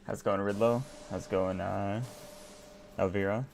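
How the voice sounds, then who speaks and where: A man's voice: lowish voice, fairly even intonation, normal speed, gravelly, a little mellow, a little hiss or hum. An American man streaming a game, chatting casually with his viewers in a laid-back, rambling way and laughing often. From United States. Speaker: live streamer. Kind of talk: casual chat with viewers while gaming.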